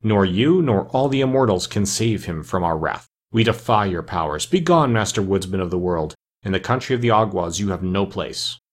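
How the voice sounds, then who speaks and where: A man's voice: deep voice, lively intonation, normal speed, hardly any pauses. A man voicing a fierce defiant creature king. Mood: furious. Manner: fierce, impudent, threatening.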